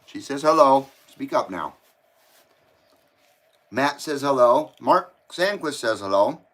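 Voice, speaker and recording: A man's voice: medium pitch, expressive, slow, a bit bright. A man hosting a casual live stream from home, reading out viewer comments and chatting while he eats. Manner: chatty, talks while eating. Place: home, indoors.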